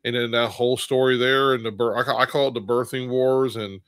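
Animated rambling man in a Bible study. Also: mid-range voice, fairly quick, clear, resonant tone, dry recording. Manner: rambling, animated, acts out quotes with laughs. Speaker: co-host of a Bible study show. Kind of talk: casual Bible study discussion.

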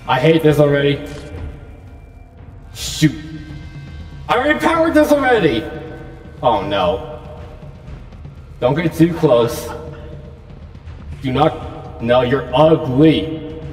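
A man's voice: medium pitch, extremely slow, pauses often, darkish tone, reverberant, long reverb tail, recorded from a distance, soft background music. A man nervously commenting while playing a horror game, repeating himself as he frets. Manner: anxious, repetitive muttering. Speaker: gaming YouTuber.

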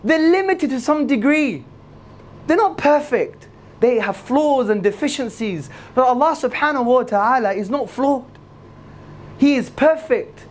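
A man giving an energetic religious lecture to a live audience, repeating key phrases for emphasis. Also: slight background noise. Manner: swings between loud high emphasis and low asides. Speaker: Islamic lecturer.

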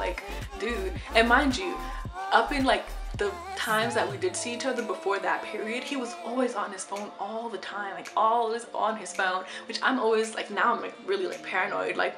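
A young woman in a casual storytime vlog, chatty and animated, swearing freely. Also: fairly high pitch, a little fast, echoey room, music in the background. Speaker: vlogger.

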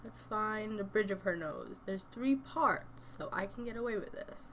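A young woman chats her way through a video game, thinking aloud as she plays. Her voice sits at a middle pitch and keeps slipping into a low murmur. A faint hiss of noise runs under the recording. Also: moderate pace, fairly bright tone. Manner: chatty, thinking aloud, often dropping to a murmur. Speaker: gaming YouTuber. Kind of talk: casual gameplay commentary.

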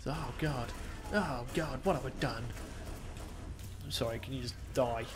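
A man's voice: medium pitch, a little slow. A young man giving crude, sarcastic gameplay commentary as a channel host.

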